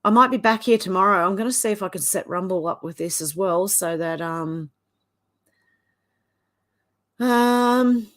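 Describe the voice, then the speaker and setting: An Australian woman hosting a livestream at home, reading viewers' comments aloud in a steady run with quick asides of her own. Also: mid-range voice. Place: at home, off camera.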